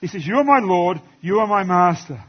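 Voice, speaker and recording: Husky-voiced male pastor preaching. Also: high-pitched, expressive, a little fast, lo-fi sound. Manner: conversational preaching, quoting scripture. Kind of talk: sermon. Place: church.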